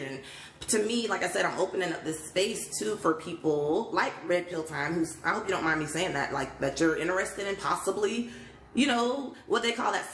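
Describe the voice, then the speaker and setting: A woman's voice: fairly low pitch, fairly bright tone, slight background noise. Chatty woman hosting a live stream. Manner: chatty, laughs often, greets viewers. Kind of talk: casual livestream chat. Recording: roomy echo.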